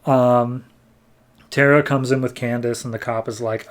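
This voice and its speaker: A man's voice: mid-range voice, little pitch movement, moderate pace. A man hosting a comic review podcast, recapping a comic casually and rambling with many "like"s. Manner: rambling, lots of "like", acts out characters.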